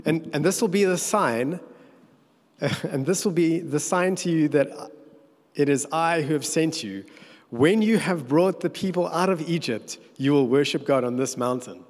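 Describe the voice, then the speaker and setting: A man preaching a sermon, telling the story with animated, playful asides. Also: fairly high pitch, unhurried, long pauses. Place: church hall. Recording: echoey church hall.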